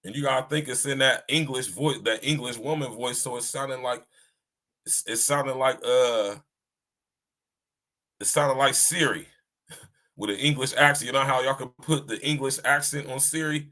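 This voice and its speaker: A man hosts a podcast alone and talks to his listeners in a loose, conversational monologue about faith. His voice is bright and forward. He checks in with "right?" again and again, and he repeats himself and restarts his sentences as he goes. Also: medium pitch, moderate pace. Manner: talks to listeners directly, often asks "right?"; restarts and repeats himself while searching for words. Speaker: podcast host. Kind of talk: casual spiritual monologue.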